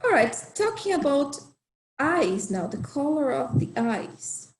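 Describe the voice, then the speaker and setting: Slow, patient woman language teacher. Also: sits high, very animated, reverberant, slight background noise, low-quality recording. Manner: slow, repeats phrases for learners. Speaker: Portuguese teacher.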